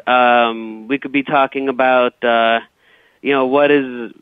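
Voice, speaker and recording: A man's voice: mid-range voice, fairly even intonation, slow pace, clear, resonant tone, no room sound. A comedian guest telling rambling stories, stammering and restarting his sentences. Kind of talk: casual comedic storytelling. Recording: tinny phone line.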